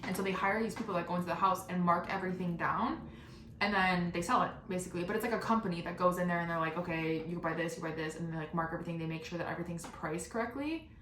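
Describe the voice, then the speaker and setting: A young woman hosting a podcast, telling a comic story in a rapid, animated, casual way, swearing often and acting out what others said. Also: fairly low pitch, roomy sound, slight background noise. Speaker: podcast host.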